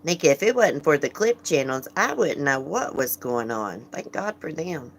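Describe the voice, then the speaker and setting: A woman with a low voice hosts a casual livestream. She talks frankly and chattily, laughing often and greeting viewers by name as she reads their comments. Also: very animated, normal speed, a little hiss or hum. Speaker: livestream host.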